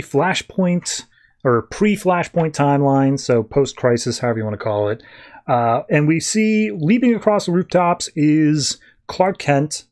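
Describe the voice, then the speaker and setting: A man hosting a podcast, casually recapping a comic issue and tossing off quick voiced lines for the characters. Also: fairly high pitch, a little mellow. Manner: loose, chatty retelling with quick voiced asides. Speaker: podcast host reviewing comics.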